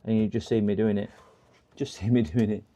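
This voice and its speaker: A man's voice: fairly low pitch, steady tone, fairly quick, warm tone, no echo. Dry, chatty man muttering at a workbench. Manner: chatty, muttering while working, self-mocking. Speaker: repair streamer. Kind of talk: live repair stream chat.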